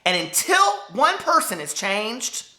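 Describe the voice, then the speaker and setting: A man in his forties with a high, squeaky voice, speaking in an impassioned, hurt vlog rant and swearing as he talks to the camera. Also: sing-song, takes it slowly, bright, forceful tone, reverberant. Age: 40s. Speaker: book vlogger.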